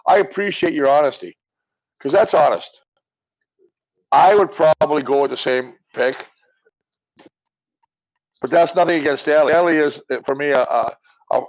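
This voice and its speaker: A man, a former offensive lineman co-hosting a casual sports chat, telling rambling, animated stories. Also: fairly high pitch, lo-fi sound. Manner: rambling storyteller, animated tangents.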